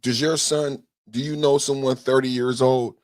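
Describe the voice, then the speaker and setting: A man hosting a podcast, giving political commentary in an indignant, profane rant that builds into shouting. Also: mid-range voice, level tone, normal speed, dry recording, clean studio sound. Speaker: podcast host.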